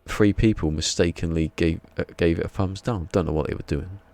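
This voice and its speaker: Low gravelly English man streaming. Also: brisk, darkish tone. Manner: chatty, rambling, chuckles while reading chat. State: a bit drowsy. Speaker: live streamer. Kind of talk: casual live-stream chat.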